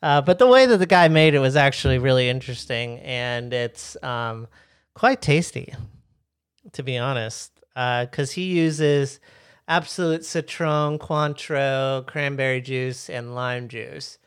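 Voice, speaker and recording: A man's voice: medium pitch, a little slow, clear, resonant tone, dry recording, studio quality. A man co-hosting a podcast, telling a story in an easygoing, rambling way with many fillers. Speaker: podcast co-host. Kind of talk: casual podcast chat.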